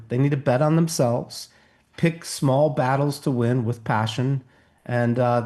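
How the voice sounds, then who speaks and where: Guy coach on a radio interview, earnest, steady, kinda measured. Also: medium pitch. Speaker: guest founder and coach. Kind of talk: interview talk.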